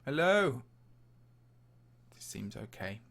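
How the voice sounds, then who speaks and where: His voice is medium in pitch, sing-song, gravelly and a bit bright, and he takes it slowly, with slight background noise. He's a Minecraft channel host from the English Midlands, slightly posh in accent, casually chatting on a livestream and answering viewer questions during a map tour.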